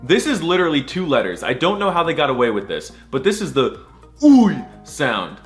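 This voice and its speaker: A man jokes his way through a scripted voice-over, goofy, crude and full of mock outrage. His pitch swings up and down all over the place while he stretches out repeated sounds. Soft music plays underneath. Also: sing-song, quick pace. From United States. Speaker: comedic language explainer.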